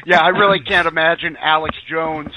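A man's voice: a little high, steady tone, moderate pace, sharp tone, dull audio, a little hiss or hum. A man hosting a radio chat in a folksy, affirming way.

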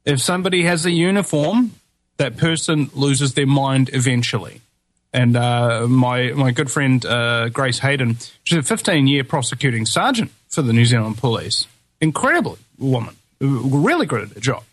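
A man's voice: mid-range voice, lively intonation, normal speed, no echo. A man hosting a talk show, ranting with heated emphasis. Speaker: show host.

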